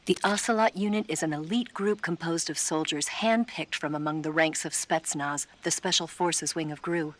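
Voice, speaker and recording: A woman's voice: deep voice, lightly acted. A woman playing a cool composed female spy. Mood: calm. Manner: calm, measured briefing. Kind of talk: video game radio dialogue.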